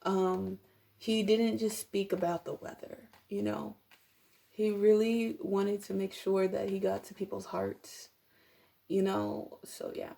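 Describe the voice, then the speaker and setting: A woman's voice: mid-range voice, level tone, slow, gravelly, warm tone. A young woman giving a casual tarot reading to camera at home, rambling with many fillers and apologetic asides. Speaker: tarot reader.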